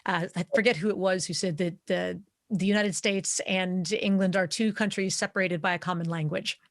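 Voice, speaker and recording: Brief: female podcast host, measured and reflective, dry close mic. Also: lowish voice, fairly even intonation, no room sound. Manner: thoughtful, measured, with filler "uh"s. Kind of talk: interview podcast hosting.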